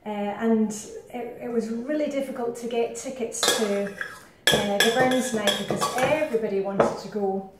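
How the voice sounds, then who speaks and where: A woman's voice: fairly high pitch, steady tone, normal speed, heavy background noise. A middle-aged woman with a Scottish accent, chatting her way through a home cooking demonstration with rambling asides. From Scotland. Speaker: cooking vlogger. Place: home kitchen. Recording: very echoey kitchen, distant mic.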